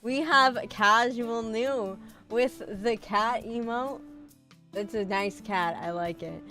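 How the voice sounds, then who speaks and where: A woman streaming as a VTuber, chatting casually with her viewers, swearing freely and joking about herself. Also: fairly high pitch. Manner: animated, swearing, self-mocking, reads chat aloud. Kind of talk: casual live-stream chat.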